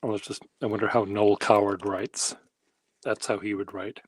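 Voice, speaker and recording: A man's voice: on the low side, level tone, moderate pace, slightly rough, no room sound. A man hosting a handwriting workshop, rambling casually in a wry, self-deprecating way while he demonstrates. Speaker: pen workshop host.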